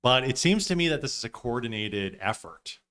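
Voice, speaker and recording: A man's voice: medium pitch, animated, a little fast, a bit bright. A man hosting a live stream, giving loose, profane reaction commentary with frequent laughs.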